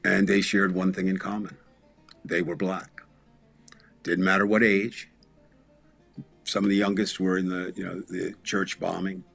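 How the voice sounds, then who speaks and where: Gravelly, husky low-voiced man. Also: flat delivery, fairly bright tone, faint music behind. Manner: measured, storytelling, thoughtful. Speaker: podcast co-host. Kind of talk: political talk.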